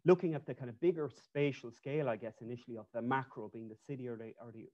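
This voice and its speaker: A man presents his research in a loose, conversational way, often restarting his phrases. His voice sits at a middle pitch for a man. The video call audio sounds muffled and lo-fi. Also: fast talker, warm tone. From Ireland. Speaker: webinar presenter, architect.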